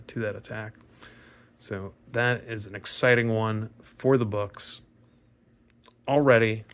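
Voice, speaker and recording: A man with a raspy voice, chatting casually and rambling with fillers and mild swearing while opening trading card packs. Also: fairly low pitch, fairly bright tone, a little hiss or hum. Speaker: card pack opening vlogger. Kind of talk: casual pack opening commentary.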